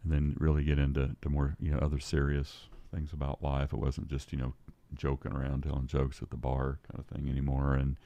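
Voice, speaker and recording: A man's voice: extremely low pitch, completely flat delivery, a little fast, warm tone, no room sound, dull audio. An older man telling a story as a podcast guest, rambling and restarting his sentences. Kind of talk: storytelling in casual conversation.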